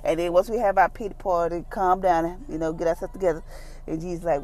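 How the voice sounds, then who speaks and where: A woman giving a casual daily devotion, talking in a relaxed, down-to-earth way and acting out the voices she quotes. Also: on the low side, fast talker. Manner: conversational, acts out quoted voices; informal, down-to-earth phrasing. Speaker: devotional speaker.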